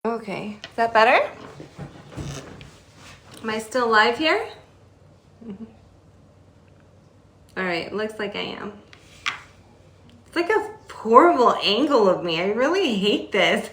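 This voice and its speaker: A woman's voice: fairly high pitch, sing-song, slow, long pauses, a bit bright, roomy sound. A woman hosting a casual live stream on her phone, chatty and easygoing, laughing now and then as she talks to a pet bird. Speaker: host of a parrot shop's live stream.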